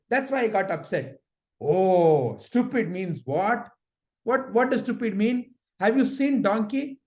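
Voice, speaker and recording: Man teaching children. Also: sits high. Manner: questioning, animated storytelling. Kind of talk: lesson for children.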